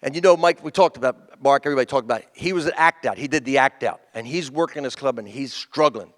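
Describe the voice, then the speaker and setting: A man telling a stand-up tribute story on a comedy stage, acting out the people in it with lively voices. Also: medium pitch, fast. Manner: animated, acts out the people in his stories. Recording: long hall reverb.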